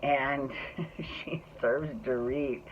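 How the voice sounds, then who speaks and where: A chatty, rambling podcast host recapping reality TV in a campy, gossipy way, full of asides and slang. The voice sits at a middling pitch. It comes through thin and tinny, like a phone line. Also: steady tone, extremely slow, a little hiss or hum. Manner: chatty, rambling, with frequent restarts and laughs. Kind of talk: casual gossipy recap chat.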